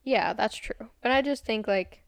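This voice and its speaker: A woman's voice: fairly high pitch, measured pace, creaky, no room sound. A young woman co-hosting a casual true crime podcast, walking through the case step by step with easy fillers. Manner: relaxed, tells the case step by step with filler words. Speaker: podcast co-host. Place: room with window open.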